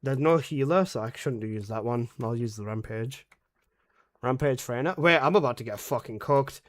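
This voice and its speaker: A man's voice: medium pitch, normal speed. A young man streaming a game live, rambling casually, swearing freely and being sarcastic as he talks to his teammates. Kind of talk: casual live-stream commentary while playing.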